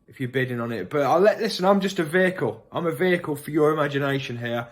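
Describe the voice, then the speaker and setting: A man with a Birmingham accent pitching a prank-call service in a rambling, self-correcting comic way. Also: racing, few pauses. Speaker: comedian offering a prank call.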